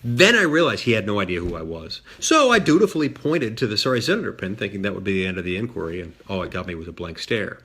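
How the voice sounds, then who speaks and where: A man with a fairly low voice tells a story about his work as a senator. His humor is dry and self-deprecating, and his talk is full of "uh"s and restarts. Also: big pitch swings, fast, hardly any pauses, sharp tone, breathy edge.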